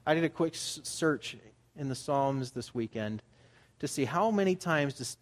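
A man's voice: on the high side, lively intonation, measured pace. A man preaching as a pastor, in a conversational style that builds to emphatic urging. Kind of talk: sermon.

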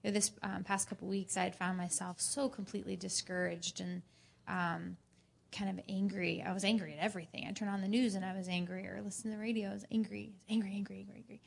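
A woman in a church group sharing an earnest personal testimony, telling her story in an animated way. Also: mid-range voice, fast, gravelly, breathy edge.

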